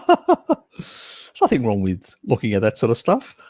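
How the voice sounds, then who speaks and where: A man speaks slowly in a medium-pitched, slightly mellow voice with huge swings in pitch, and the recording has no room sound. Hosting a casual live stream, he chats with viewers, reads out their comments, and laughs often. He calls them mate.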